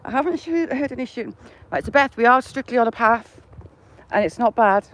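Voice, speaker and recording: A woman's voice: a little high, lively intonation, fairly quick, a bit bright. A woman vlogging live while she walks a countryside path, chatting and laughing with viewers as she greets them by name. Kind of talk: casual live-stream chat while walking.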